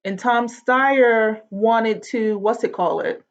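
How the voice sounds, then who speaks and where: A woman lecturing in a relaxed, chatty way, dropping slang and tossing questions to the class. Her voice sits a bit high, and the sound is dull and lo-fi. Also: slow. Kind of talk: casual online lecture.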